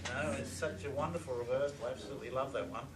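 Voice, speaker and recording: A man's voice: medium pitch, steady tone, rapid-fire, reverberant, distant mic, heavy background noise. An older man giving a live presentation to an audience, talking with conversational enthusiasm. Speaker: lecturer.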